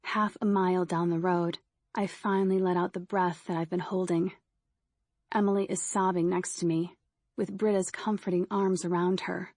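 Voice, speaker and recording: Low-voiced woman narrating horror. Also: no room sound, studio quality. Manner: steady, measured storytelling. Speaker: audiobook narrator. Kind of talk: scripted first-person horror narration.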